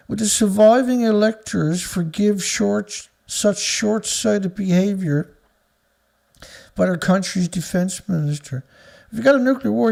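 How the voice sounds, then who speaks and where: A man with a gravelly, raspy edge and a fairly high pitch rants through a commentary show. He reads a headline, then tears into it with profanity and insults. His tone is dark and heavy despite the high pitch. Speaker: news commentary host. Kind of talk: angry ranting commentary.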